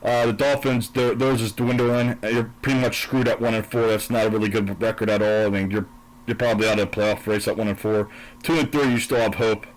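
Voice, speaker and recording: A man's voice: on the low side, steady tone, brisk, low-quality recording. A man giving a profane, sarcastic, combative rant, then recapping his football picks. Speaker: sports and politics commentator.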